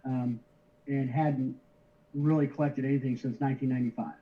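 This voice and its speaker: A man's voice: mid-range voice, steady tone. Middle-aged guy chatting on a call, keeps restarting sentences, kinda dull lo-fi sound. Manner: halting, many restarts, easygoing chuckles. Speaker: interview guest, card shipper. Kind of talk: casual conversational storytelling. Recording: slightly dull lo-fi audio.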